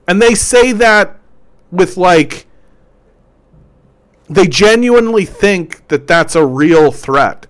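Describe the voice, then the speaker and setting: A man's voice: sits high, expressive, takes it slowly, long pauses. A man hosting a political commentary show, ranting sarcastically and stumbling over repeated words. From Canada.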